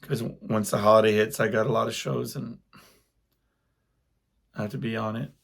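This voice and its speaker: A man talks through his own podcast in a loose, rambling monologue, drifting from one story to the next. His voice has a rough, gravelly edge with a husky grain to it. He sounds like a working musician chatting off the cuff. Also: fairly low pitch, fairly even intonation, moderate pace. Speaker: podcast host and gigging singer-guitarist. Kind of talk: casual solo podcast monologue.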